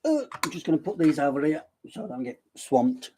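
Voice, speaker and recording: A man's voice: fairly high pitch, big pitch swings, brisk, a little mellow, slight background noise. A man with a Black Country accent hosting a casual live stream, rambling and self-deprecating as he chats. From Black Country, West Midlands.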